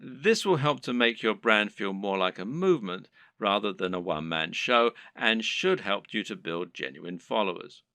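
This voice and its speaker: A man with a lowish but bright, forceful voice talks through online business advice. His pitch moves a lot as he explains. The recording is dry and close, with no room sound. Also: lively intonation, moderate pace, hardly any pauses, no echo. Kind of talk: scripted advice narration.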